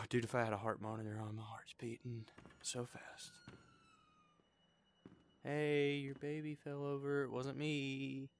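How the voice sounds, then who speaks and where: A young gaming video host plays a horror game, nervously talking to the characters and blurting repeated "hey" warnings whenever he's startled. His medium voice is flat and a little slow, with long pauses and slight background noise.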